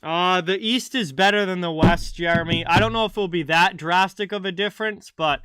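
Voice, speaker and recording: A man hosts a live hockey chat stream, talking casually and answering his viewers by name. His voice is bright and crisp, a touch higher than most men's. It is recorded close on a dry mic with no room sound. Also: normal speed, no room sound. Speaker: livestream hockey host.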